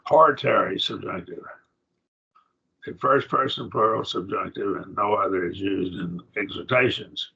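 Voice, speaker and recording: A plainspoken, folksy man, a preacher, teaching a slow Bible Greek grammar lesson to a class. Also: fairly low pitch, creaky, bright, forceful tone, breathy edge. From rural. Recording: dull lo-fi classroom recording.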